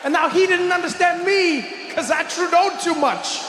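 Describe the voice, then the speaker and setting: A man performing a stand-up comedy set, telling his story in an animated way on a live stage. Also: very high-pitched, moderate pace. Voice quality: animated storytelling, swings between voices. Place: large live comedy venue. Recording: roomy hall, live crowd noise.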